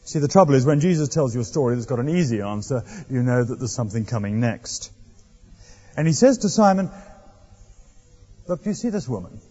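A man's voice: medium pitch, lively intonation, a little fast, warm tone, slightly rough. A man preaching a sermon, telling the story in a wry, conversational way. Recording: dull lo-fi recording in echoey hall.

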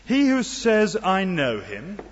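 A middle-aged man with a high voice preaches slowly, his pitch swooping wildly as he delivers an earnest sermon. He adds wry asides and rhetorical questions, and the church hall leaves the recording dull and heavily reverberant.

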